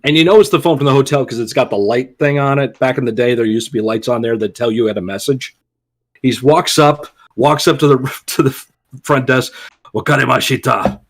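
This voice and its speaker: A man's voice: medium pitch, fairly quick. A man co-hosting a podcast, telling a story in a laid-back, amused way and acting out the lines of the people in it. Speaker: podcast co-host. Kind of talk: casual storytelling chat.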